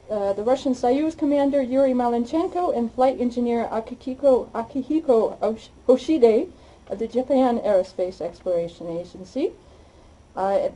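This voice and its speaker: Brief: woman host introducing a guest, halting delivery, mellow voice. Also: on the high side, rough recording. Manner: halting, with frequent fillers. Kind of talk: formal introduction.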